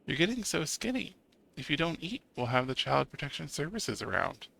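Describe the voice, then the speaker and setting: A man voicing a gentle, tired mother in a story game. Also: fairly high pitch, sing-song, normal speed, vocal fry, heavily acted. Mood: gentle, worried.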